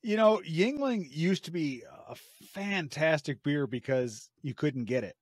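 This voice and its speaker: A man's voice: fairly high pitch, animated, unhurried, no echo, studio quality. An American man hosting a casual podcast chat, talking hesitantly with many restarts. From United States. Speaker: podcast host.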